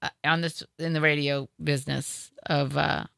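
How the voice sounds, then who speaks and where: A woman's voice: deep voice, level tone, normal speed, creaky, a bit bright, clear, resonant tone, dry recording. A woman with a Boston accent, a radio host, chatting effusively and stammering over repeated words. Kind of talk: casual chat.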